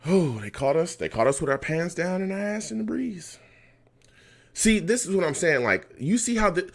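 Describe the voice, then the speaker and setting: A man's voice: sits high, normal speed, vocal fry. A man hosting a live fan reaction stream for a football game, reading chat comments aloud and ranting heatedly about play calls. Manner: animated, heated rants at the team.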